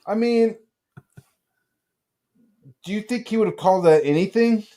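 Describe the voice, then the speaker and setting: A man's voice: sits high, a little slow, warm tone, dry recording, studio quality. A man hosting a casual podcast, telling rambling stories full of fillers and casual swearing. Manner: rambling, filler-heavy storytelling. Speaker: podcast host. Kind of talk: casual chat.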